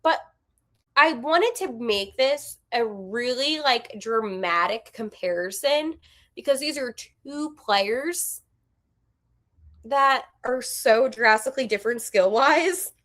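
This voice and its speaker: Young woman podcast host, bright kinda high voice, blunt animated hockey takes. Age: 20s. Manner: animated, candid, quick asides with laughs. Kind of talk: casual opinionated commentary.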